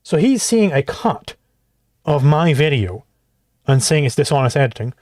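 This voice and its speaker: A man's voice: on the high side, big pitch swings, moderate pace, a little mellow, dry recording, clean studio sound. A man hosting a livestream, reacting to clips in exasperated, profane commentary. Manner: exasperated, swears often.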